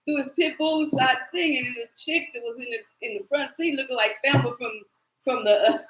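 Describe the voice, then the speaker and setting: Live-stream host, woman, high bright voice, loose storytelling with laughs and cursing, echoey room. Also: brisk. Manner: animated storyteller, laughs often, swears. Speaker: tarot reader hosting live stream. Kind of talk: rambling live-stream chat.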